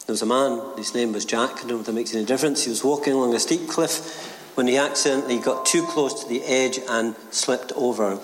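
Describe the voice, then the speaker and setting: A man's voice: medium pitch, brisk, slight background noise. An older man, a retired minister telling a story and giving a short sermon. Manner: gentle storytelling, acts out voices in quotes. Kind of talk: short sermon with a told joke. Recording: reverberant church hall.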